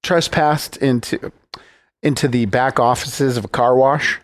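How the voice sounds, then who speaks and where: A man's voice: medium pitch, fairly even intonation, dry recording, clean studio sound. A man co-hosting a radio show, teasing his partner and promoting the channel in casual banter. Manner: teasing, quick with one-liners. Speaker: radio co-host. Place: radio studio. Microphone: studio microphone.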